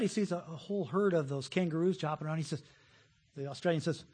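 Husky high-voiced male pastor preaching. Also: quick pace. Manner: folksy, animated preaching with jokes and acted-out voices. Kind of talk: sermon.

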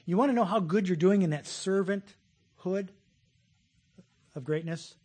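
Male pastor, middle-aged, husky voice, high-pitched, folksy sermon delivery. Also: measured pace. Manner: folksy, animated preaching with jokes and acted-out voices.

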